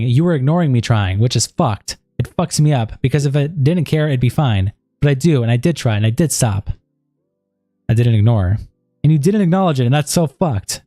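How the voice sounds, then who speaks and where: A man's voice: a little high, warm tone, no echo, clean studio sound. A man on a stream, reading a chat log aloud and breaking in with asides of disbelief.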